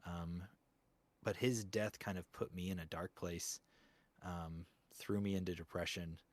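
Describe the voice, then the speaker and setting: A man's voice: low-pitched, fairly even intonation, unhurried, dry recording. A man, a voice actor, talking reflectively in a casual interview, rambling with lots of fillers. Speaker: guest voice actor.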